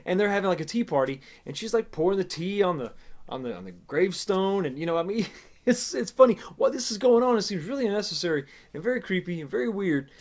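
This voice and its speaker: A man's voice: high voice, animated, quick pace. A man casually reviewing a TV episode in a sarcastic, exasperated, rambling way. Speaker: TV show reviewer.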